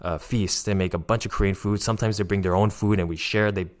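A fairly low-pitched young man talks through a personal story in a loose, rambling way. He leans on fillers and restarts, and jumps up in pitch when he acts out other people's lines. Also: quick pace. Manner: rambling, filler-heavy, animated quoting of others. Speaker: former missionary telling a story. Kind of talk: casual storytelling.

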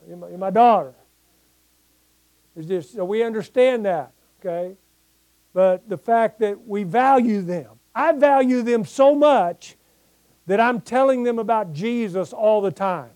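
Older male pastor with a high, mellow voice. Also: unhurried, no room sound. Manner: conversational preaching that swells into emphatic scripture reading. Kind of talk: sermon.

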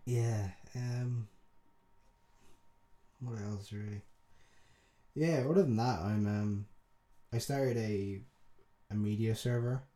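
A man's voice: on the low side, takes it slowly, pauses often, dark tone. A young man with a Dublin accent, co-hosting a podcast in loose, rambling, sweary chat. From Dublin, Ireland. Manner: rambling, sweary, laughs a lot. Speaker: podcast co-host. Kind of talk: casual chat.

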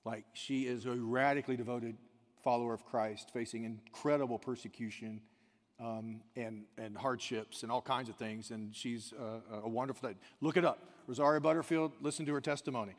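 A pastor preaching a sermon, dropping to hushed asides and rising to near-shouted emphasis. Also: male voice, mid-range voice, fairly even intonation, normal speed, big-room sound.

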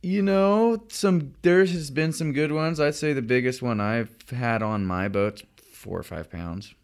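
A man's voice: mid-range voice, a little slow, creaky. A young man, a fly fishing guide, chatting casually on a podcast with lots of fillers and restarts.

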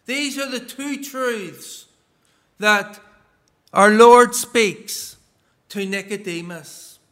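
Man, preacher, sermon, very high voice, slow deliberate pace, emphatic, reads scripture aloud. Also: fairly bright tone. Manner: measured, emphatic delivery that stresses key words.

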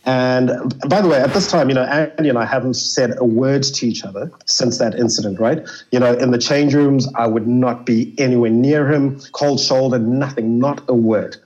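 A man's voice: mid-range voice, normal speed, hardly any pauses, a little mellow. A man from Zimbabwe, telling stories as an interview guest in a casual, chatty way, often saying "you know". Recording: slightly dull lo-fi audio.

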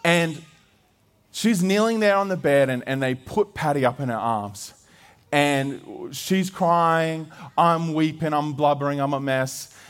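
An Australian man in his thirties, a pastor, preaching a sermon through a lively personal story full of restarts and laughter. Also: on the high side, measured pace, smooth.

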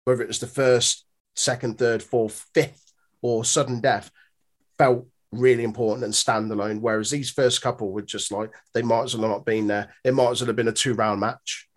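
A man's voice: mid-range voice, fairly even intonation, moderate pace. A man co-hosting a podcast, chatting agreeably about wrestling matches. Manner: agreeable, chatty, uses mate. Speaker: podcast co-host. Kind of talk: casual wrestling review chat.

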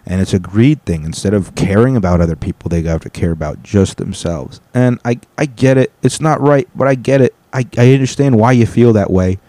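A man with a lowish voice hosts a solo podcast from home. He rambles and swears in a casual rant, breaking off his own sentences, and the recording is dry and close with no room sound. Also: animated, fairly quick, hardly any pauses, warm tone, no room sound. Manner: rambling, profane, cuts himself off. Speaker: podcast host. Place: home apartment.

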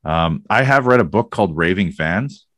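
A man's voice: sits low, lively intonation, normal speed, a bit bright, no echo, studio quality. A man hosting a podcast, chatting casually and rambling with many fillers. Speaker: podcast host. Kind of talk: casual conversation.

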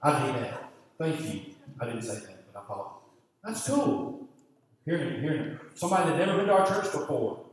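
A man's voice: sing-song, fairly quick. Man preaching in an echoey hall. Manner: storytelling, acts out his own thoughts with big pitch jumps; drops to a muttering hush for inner grumbling. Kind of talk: sermon. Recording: echoey hall, voice from far off, faint ambience.

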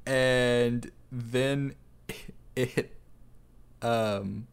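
A man's voice: on the low side, unhurried. A man co-hosting a podcast, chatting and reading fan fiction aloud, often laughing as he goes. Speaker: podcast co-host.

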